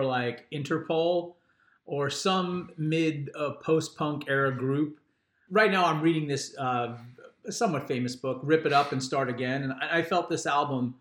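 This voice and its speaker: An older man talking in a loose, rambling way, circling back and restarting his thoughts as he reviews music. His voice sits at an ordinary middle pitch. The room around him is echoey. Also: fairly bright tone. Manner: rambling, musing, often restarting sentences. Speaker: father and regular panelist on a music podcast. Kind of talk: casual chat, album review. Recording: roomy echo.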